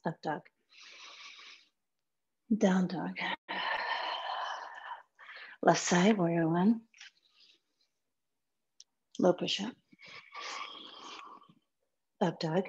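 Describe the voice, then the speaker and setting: Calm slow-cueing yoga teacher woman. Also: fairly low pitch, lo-fi sound. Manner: calm, sparse one-word cues, some soft whispered counts. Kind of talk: guided yoga class cues.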